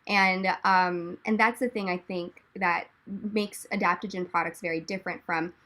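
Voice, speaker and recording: Woman panelist on a video call, founder type, animated and chatty, rambles with jokey asides, voice crisp and bright. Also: on the low side, moderate pace. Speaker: panelist, drink company founder. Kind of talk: casual explanatory chat.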